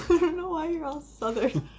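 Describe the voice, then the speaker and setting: A woman's voice: high voice, a little mellow. A young adult woman, a daughter, teasing her parents at the dinner table with a dry, giggly manner. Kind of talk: casual family chat.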